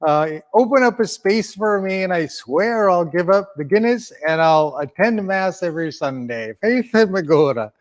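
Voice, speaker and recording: A man's voice: high voice, lively intonation, normal speed, hardly any pauses, pitched above the performer's own voice. A man voicing a frustrated Irishman who is praying aloud for a parking spot, in an exaggerated, pleading way.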